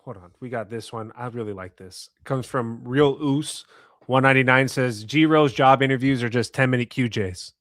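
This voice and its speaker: Young male co-host, laid-back and understated, mid-pitch, dry close mic. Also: normal speed, fairly bright tone, dry recording. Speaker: podcast co-host. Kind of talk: casual sports podcast chat.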